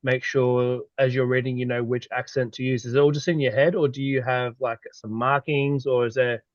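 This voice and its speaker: A male host asks his questions haltingly, restarting and repeating words as he goes. His voice comes through dull and slightly lo-fi, with a dry, close sound. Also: medium pitch, flat delivery, dry recording. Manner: hesitant, stumbling over words. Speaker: interviewer, host. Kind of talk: casual interview questions.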